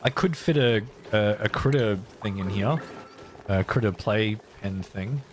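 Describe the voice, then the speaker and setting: A man's voice: fairly low pitch, measured pace, a little hiss or hum. A man casually live-streaming a game, thinking aloud as he builds and chatting playfully with his viewers.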